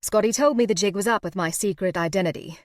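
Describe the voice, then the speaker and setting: A woman's voice: mid-range voice, quick pace, dry recording, clean studio sound, lightly acted. A woman voicing a friendly, impish, stylish woman who talks in a chatty, breezy way.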